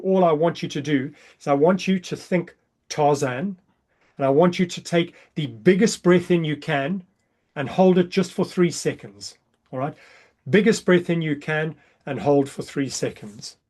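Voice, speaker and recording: Man guiding breathwork counts. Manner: calm counting, drops soft and low during counts. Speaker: breathwork coach. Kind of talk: guided breathing workshop. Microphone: video call.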